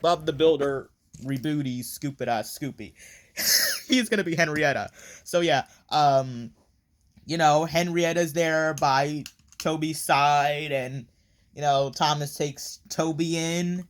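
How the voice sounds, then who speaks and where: A man's voice: fairly high pitch, slow pace. Rambling man recapping a story. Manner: rambling, many fillers, casual swearing. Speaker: reviewer. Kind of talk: casual plot recap review.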